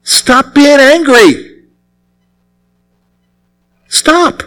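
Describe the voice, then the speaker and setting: A man's voice: very high-pitched, animated, extremely slow, bright, forceful tone, low-quality recording. A man preaching a sermon as pastor, emphatic and repeating his key phrases.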